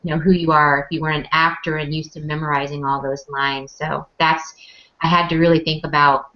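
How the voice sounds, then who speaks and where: Bright-voiced confident woman entrepreneur. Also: low voice, little pitch movement, a little fast. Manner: confident, reflective. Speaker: entrepreneur, competition winner. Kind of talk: panel discussion answer. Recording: muffled lo-fi recording.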